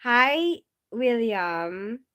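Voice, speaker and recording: A woman's voice: a little high, big pitch swings, very slow, fairly bright tone. A woman chatting casually on a livestream, giggling often and greeting viewers as she goes. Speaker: nurse livestreamer.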